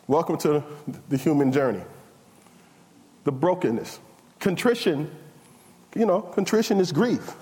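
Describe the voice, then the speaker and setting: A man preaching a sermon in a conversational, down-to-earth way, climbing higher and louder as he gets fired up. His voice sits a little high for a man. It rings out with a long reverb from the church hall. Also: moderate pace. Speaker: pastor. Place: church sanctuary.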